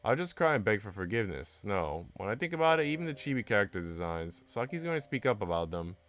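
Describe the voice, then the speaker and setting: Animated man reading a visual novel aloud. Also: lowish voice, fast talker. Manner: animated, adds asides. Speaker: streamer. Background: faint game music.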